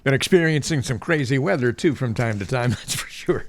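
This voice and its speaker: A man hosting a radio talk show, with an animated announcer delivery and a joking manner. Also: medium pitch, fairly quick.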